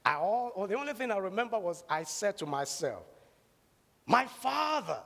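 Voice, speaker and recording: A fairly high-voiced man preaches with a lively, swooping delivery, telling his story dramatically before rising into loud calls to faith. His voice rings with the long reverb of a large hall. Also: brisk. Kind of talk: sermon with a personal story.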